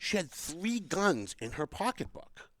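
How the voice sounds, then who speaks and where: A man's voice: fairly high pitch, sing-song, unhurried, fairly bright tone, no room sound. Man, podcast host, rambling storyteller, dry room. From Boston area. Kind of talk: casual political chat.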